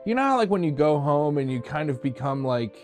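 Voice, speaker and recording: A man's voice: fairly high pitch, very animated, brisk, a little mellow, soft background music. A man playing in a tabletop game, chatting loosely with many fillers. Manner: casual, loose, filler-heavy. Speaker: player. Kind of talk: casual tabletop play.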